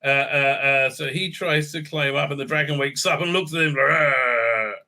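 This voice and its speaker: A man's voice: on the high side, steady tone, fairly quick, bright, forceful tone. A man hosting a casual TV episode recap, rambling and joking with many stammered fillers. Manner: rambling, full of stammered fillers and repeated "right?"; irreverent, joking. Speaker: show recap host.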